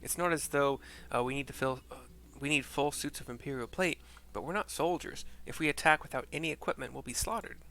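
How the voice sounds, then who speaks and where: An earnest young village man who leads the local rebels, voiced by a man reading a game story. He speaks in the reader's bright, near-natural voice with steady seriousness. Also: mid-range voice, brisk, hardly any pauses.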